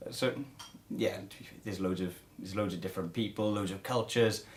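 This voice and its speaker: Welsh-accented male musician guest, relaxed, modest, chatty. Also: low voice, a little fast. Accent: Cardiff Welsh. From Wales. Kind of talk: casual interview answers.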